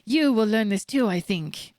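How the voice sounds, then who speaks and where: A woman's voice: mid-range voice, lively intonation, normal speed, darkish tone, dry recording, clean studio sound, close to an everyday voice. A woman voicing a kindly, sentimental old Italian sailor in a put-on Italian accent, with broken English full of Italian words. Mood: warm grateful.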